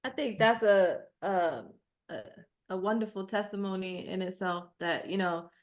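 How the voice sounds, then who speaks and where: A woman co-hosting a podcast, speaking in a thoughtful, halting way. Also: medium pitch. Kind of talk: casual interview.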